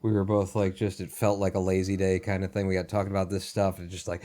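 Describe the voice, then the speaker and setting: A man's voice: fairly low pitch, fast talker, hardly any pauses. A young man co-hosting a casual podcast, chatty and jokey, laughing easily. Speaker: podcast co-host. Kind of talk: casual chat.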